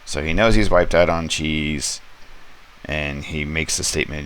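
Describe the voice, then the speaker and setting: Slow, very low-voiced man with gravel; casual comic reviewer, rambling with fillers. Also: a bit bright, a little hiss or hum. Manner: rambling, many ums, quoting characters lightly. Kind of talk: casual comic review, paging through an issue. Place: home studio space.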